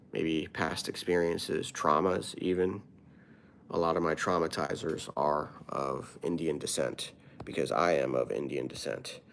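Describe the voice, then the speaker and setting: A man with a low voice talks casually with viewers on a live stream. He is playful and swings up and down a lot in pitch as he riffs, tossing off quick throwaway rhymes. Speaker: comedian.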